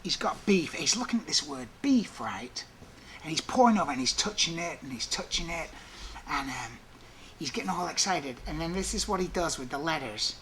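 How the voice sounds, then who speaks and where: A middle-aged man, a prison guard, telling stories in a documentary interview, animated and full of fillers. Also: fairly high pitch, moderate pace. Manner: animated storyteller, fillers like 'like'.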